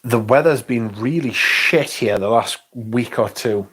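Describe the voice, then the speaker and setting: A man's voice: mid-range voice, unhurried, fairly bright tone, slightly rough. A man hosting a casual livestream, reading out viewer comments in a laid-back, rambling way and swearing now and then. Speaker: livestream host.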